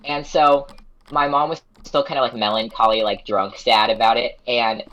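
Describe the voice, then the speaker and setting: Young woman streamer, very low voice, rambling casual storyteller, keys clacking behind. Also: steady tone, normal speed, a bit bright, a little hiss or hum, low-quality recording. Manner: rambling, self-interrupting storyteller who laughs often. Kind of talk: casual chat.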